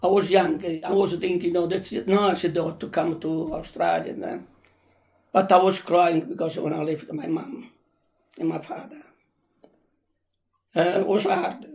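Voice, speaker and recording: An older man from Italy, recalling his past in halting, emotional, broken English. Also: high-pitched, gravelly, a little mellow. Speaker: interviewee. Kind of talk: personal recollection.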